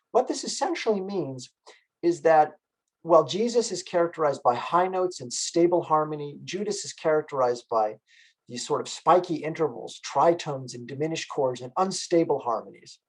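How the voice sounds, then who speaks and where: A man's voice: fairly high pitch, expressive, normal speed, rough recording. A man lecturing on music at a library event, explaining as he goes and often asking his audience questions.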